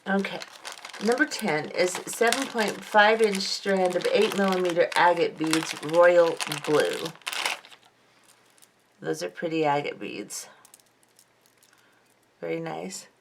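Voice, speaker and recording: Low-voiced woman chatting through an unboxing. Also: animated, slow, long pauses, noisy background. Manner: chatty, reads item lists aloud, admiring. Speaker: jewelry-making vlogger. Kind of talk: casual unboxing commentary. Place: home craft table under lamps.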